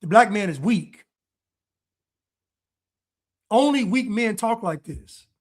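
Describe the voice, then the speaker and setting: A man's voice: sits high, expressive, slow pace. A man giving reaction commentary in a blunt, preachy way, repeating his points. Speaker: online commentator.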